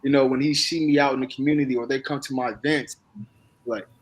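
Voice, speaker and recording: A man's voice: mid-range voice, steady tone, fast. A man who is a speaker and author, talking candidly about his father in a panel chat, with jokes.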